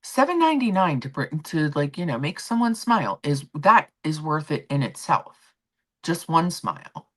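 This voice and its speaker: Middle-aged female stream host, low voice, very animated pitch, chatty storyteller. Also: normal speed. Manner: chatty storyteller acting out quotes. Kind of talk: casual chat.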